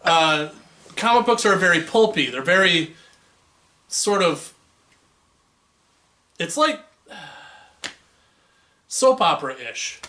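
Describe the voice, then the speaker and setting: A man's voice: fairly high pitch, sing-song, slow pace, long pauses, sharp tone. A man co-hosting a casual movie podcast, rambling and laid-back, a bit tipsy. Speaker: podcast co-host.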